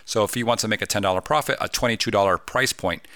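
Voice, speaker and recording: Upbeat man hosting a podcast, bright and dry. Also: on the low side, quick pace, no room sound. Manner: upbeat, conversational, asks listeners rhetorical questions. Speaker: podcast host. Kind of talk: casual solo podcast talk.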